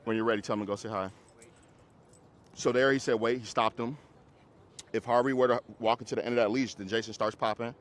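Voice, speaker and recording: A man who trains dogs, coaching a group class in a casual, hands-on way, giving quick commands to dogs and explanations to owners. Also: mid-range voice, fairly even intonation. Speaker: dog trainer.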